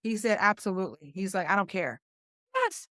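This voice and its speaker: A middle-aged woman with a West Virginia accent, a combat flight nurse telling a story as a podcast guest, animated and acting out what others said. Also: mid-range voice, quick pace, no echo, clean studio sound. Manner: animated, quotes others in lively voices. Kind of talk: conversational storytelling.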